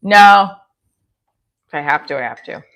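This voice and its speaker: A woman comedian in her forties, New Jersey-accented, livestreams casually from her kitchen and answers comments aloud. She sounds low-pitched, animated, and a bit bright, speaking a little slowly, with slight background noise.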